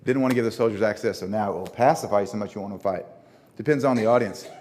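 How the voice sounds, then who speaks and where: A man with a northern Louisiana accent presents a lecture at a conference, talking through his slides. His voice sits fairly low, and he keeps a conversational tone, repeating words as he restarts sentences and putting questions to the audience. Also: fast, darkish tone. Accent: Northern Louisiana (Shreveport).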